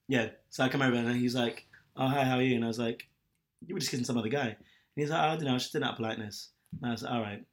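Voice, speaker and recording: A man co-hosting a podcast, telling a story in casual chat with lots of laughs. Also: medium pitch. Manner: animated storytelling, laughs often. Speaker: podcast co-host.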